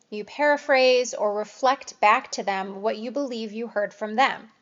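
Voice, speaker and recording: A woman teaching patient interviewing in a recorded lecture, explaining clearly and acting out example phrases. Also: a little high. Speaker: nursing instructor. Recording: dull lo-fi lecture audio.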